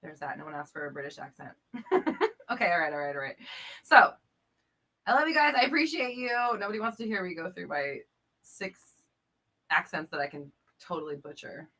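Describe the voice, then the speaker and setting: A woman's voice: fairly low pitch, sing-song, fairly quick, long pauses, sharp tone. A woman hosting a casual live-stream chat, reading out viewer comments, chatty and playful with frequent laughter. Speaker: host and coach.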